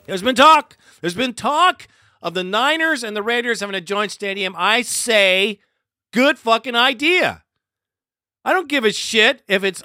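Podcast host, male, angry profane ranting, high bright voice, dry close mic. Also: no room sound. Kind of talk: solo ranting commentary.

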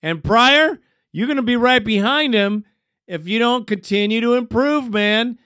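A man's voice: very high-pitched, a little slow, bright, forceful tone, clean tone, no echo, clean studio sound. A man hosting a sports fan call-in show, laid-back and chummy, calling callers bro and man. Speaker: radio show host.

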